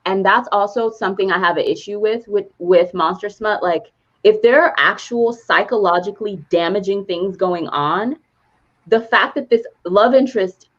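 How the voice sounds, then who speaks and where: A woman co-hosting a podcast who retells a movie plot in casual chat, animated and laughing as she goes. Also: mid-range voice, moderate pace, lo-fi sound. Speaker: podcast co-host.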